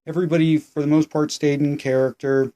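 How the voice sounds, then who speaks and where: A man's voice: on the high side, little pitch movement, fairly quick, dark tone. A man recapping a show in casual, sarcastic and profane commentary.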